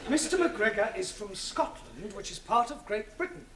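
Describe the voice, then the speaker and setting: An actor playing a patient but exasperated English teacher in a 1970s studio sitcom. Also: male voice, high voice, sing-song, normal speed, crowd noise. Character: flustered young English teacher, adult man.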